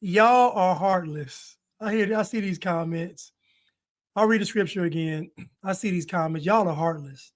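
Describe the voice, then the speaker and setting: A man's voice: high voice, fairly even intonation, normal speed. A man hosting a stream, giving casual and rambling commentary and answering his chat. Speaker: streamer host reacting to a video.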